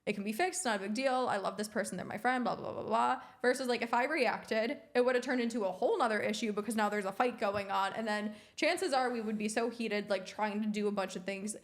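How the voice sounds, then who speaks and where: A woman's voice: medium pitch, brisk, hardly any pauses. A young adult woman co-hosting a podcast, telling stories casually and acting out what people said. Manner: animated storyteller, acts out quotes. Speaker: podcast co-host. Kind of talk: casual chat.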